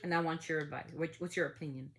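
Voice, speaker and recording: A woman's voice: low-pitched, steady tone, fast, a bit bright, slight background noise. A woman hosting a family podcast, talking in a heated, outspoken way and swearing freely. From United States. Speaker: podcast host. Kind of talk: casual opinion talk.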